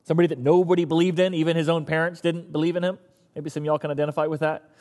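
A man preaching a sermon as pastor, an animated storyteller who acts out the characters. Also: fairly high pitch, very fast, in a large hall.

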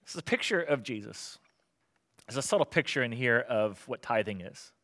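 A middle-aged man preaching a sermon as pastor, conversational and animated, asking the congregation rhetorical questions. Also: mid-range voice, normal speed.

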